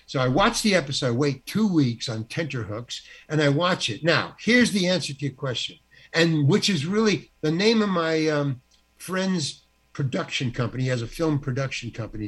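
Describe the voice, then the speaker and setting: An older man, an actor guest, telling an anecdote in an animated, self-deprecating way and acting out the dialogue. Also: medium pitch, husky. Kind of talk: anecdotal storytelling.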